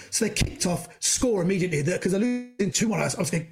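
Gravelly high-voiced man telling stories. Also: rapid-fire, few pauses. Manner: animated storyteller, acts out voices. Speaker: comedian guest. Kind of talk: storytelling anecdote.

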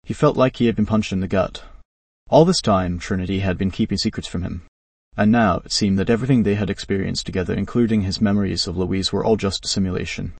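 A man narrating a dramatic story in a steady, even reading voice. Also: deep voice, fast, gravelly, husky, dry recording, distant mic.

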